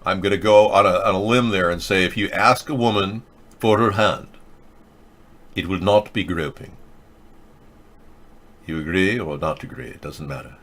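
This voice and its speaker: A man's voice: low voice, moderate pace, long pauses, fairly bright tone. A man hosting a live political video chat show, rambling and joking as he answers viewers' comments. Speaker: political talk show host.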